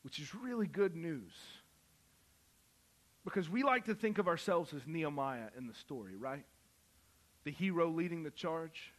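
A man preaching a sermon, moving from quiet Bible reading to loud, impassioned calls. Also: fairly high pitch, animated, unhurried, long pauses. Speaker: pastor.

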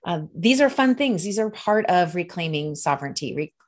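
A woman co-hosting a podcast, chatting casually and warmly affirming her co-host. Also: fairly low pitch, animated, moderate pace. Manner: enthusiastic, warm and affirming. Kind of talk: casual chat.

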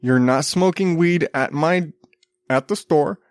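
A man's voice: a little high, measured pace, no echo. A man in his thirties, a podcast host talking casually about news stories, rambling with wry asides and chuckles, a little sick. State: slightly sick, coughing.

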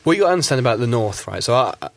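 A man's voice: mid-range voice, very animated, racing, creaky, no echo. An English man from South Yorkshire with a nondescript accent, giving his views as a guest in a radio studio discussion, rambling with lots of fillers. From South Yorkshire, England. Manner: rambling, heavy fillers like "you know" and "like". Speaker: guest commentator.

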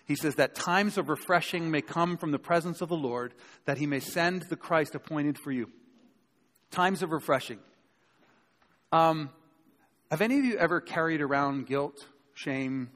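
A man with a fairly high voice preaching to a live congregation in a church. He speaks conversationally and with emphasis, and often puts rhetorical questions to the crowd. A long hall reverb rings after each phrase. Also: moderate pace, long pauses, a bit bright. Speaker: pastor. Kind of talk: sermon.

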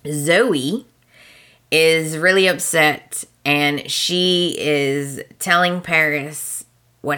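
Woman host, low and unhurried, chatty soap recapper who quotes the characters. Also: sharp tone. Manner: chatty storytelling with quoted dialogue and chuckles. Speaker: podcast host. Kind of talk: casual soap opera recap.

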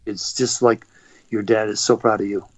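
A man's voice: lowish voice, normal speed. A middle-aged Canadian man telling rambling stories as an interview guest, with frequent restarts. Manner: rambling, animated anecdotes with frequent restarts and laughs. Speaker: guest, motivational speaker and former athlete. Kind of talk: conversational storytelling. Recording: dull lo-fi recording.

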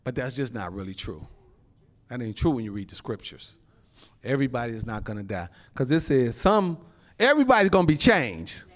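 A male pastor preaching a sermon in an animated, folksy way, laughing often and calling out to the congregation. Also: medium pitch, a little fast. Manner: folksy informal phrasing.

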